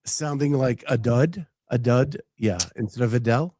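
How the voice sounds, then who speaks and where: A man's voice: medium pitch, normal speed, dark tone, no room sound. Chatty man host on a dry mic. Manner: chatty and storytelling, many fillers and restarts. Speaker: podcast host. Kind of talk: casual chat.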